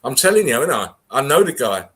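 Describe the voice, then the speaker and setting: A man's voice: medium pitch, big pitch swings, brisk, a bit bright. A man hosting a casual video call chat, rambling earnestly and swearing freely.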